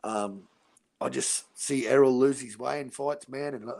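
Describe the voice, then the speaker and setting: A man's voice: medium pitch, measured pace, vocal fry, a little mellow. A man with an Australian accent, talking boxing in a blunt, profane casual chat and calling everyone mate. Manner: blunt, crude and profane, says "mate" a lot. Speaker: podcast host.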